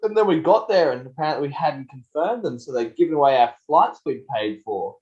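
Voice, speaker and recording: A man's voice: a little high, lively intonation, a little fast, darkish tone. A man co-hosting a podcast, teasing his co-host in wry casual chat. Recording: dull lo-fi recording.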